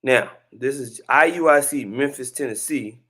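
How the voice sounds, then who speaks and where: A man's voice: mid-range voice, normal speed, bright, forceful tone. A man hosting a religious commentary video, talking in a laid-back, slangy way with laughing asides. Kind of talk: casual commentary.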